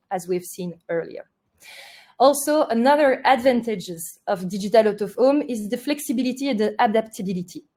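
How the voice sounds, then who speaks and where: A woman presenting a marketing webinar, delivering points in a steady, list-like way. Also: on the high side. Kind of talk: presenting a webinar, partly read.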